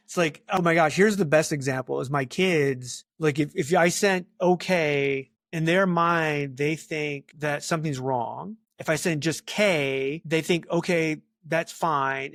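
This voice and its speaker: Chatty animated man, dry close sound. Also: a little high, dry recording. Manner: chatty, animated, lots of fillers and asides. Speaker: talent acquisition leader, guest. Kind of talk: casual interview talk.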